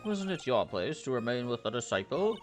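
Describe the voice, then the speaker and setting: Man as a formal prosecutor, crisp and probing, mid pitch. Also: very animated, brisk, a little hiss or hum, close to an everyday voice. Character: stern male prosecutor, sharp and formal.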